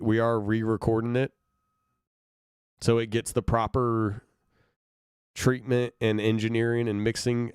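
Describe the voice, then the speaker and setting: A man's voice: medium pitch, clean tone, no echo. Chatty man streaming reactions, dry mic. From Brooklyn, New York. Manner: chatty, laughs often, talks to viewers. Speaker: band musician streaming reactions. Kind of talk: casual livestream chat.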